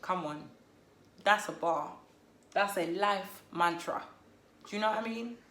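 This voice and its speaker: A woman giving a casual, chatty book review, playful and quick to laugh at herself. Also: mid-range voice, fairly bright tone. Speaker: book vlogger. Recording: roomy echo.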